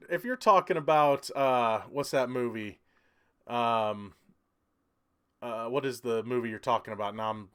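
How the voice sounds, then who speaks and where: A man's voice: on the low side, a bit bright, smooth. A man hosting a casual livestream, rambling loosely and chuckling as he reads out viewer comments. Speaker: livestream host.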